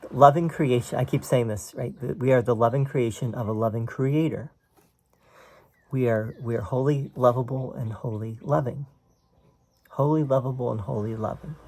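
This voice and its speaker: A man's voice: medium pitch, darkish tone. A man teaching a spiritual text in a casual, conversational way, explaining passages and often checking in with "right?". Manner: explains quoted text line by line.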